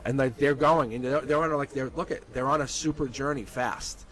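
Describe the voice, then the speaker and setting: A man giving a live tarot reading, blunt and animated, laughing often and acting out what people say. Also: mid-range voice, moderate pace, poor audio. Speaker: tarot reader.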